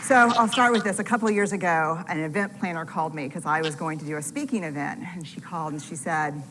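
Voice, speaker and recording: A woman's voice: low voice, quick pace, in a large hall, a crowd in the background, low-quality recording. A woman researcher giving a talk to an audience, telling candid, self-deprecating stories.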